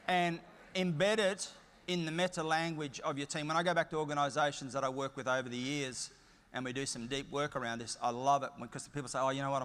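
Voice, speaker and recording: There's a little hiss or hum under this middle-aged Australian man's keynote, and his fairly bright voice sits on the high side. Long reverb fills the large conference hall as he tells humorous, chatty, down-to-earth stories.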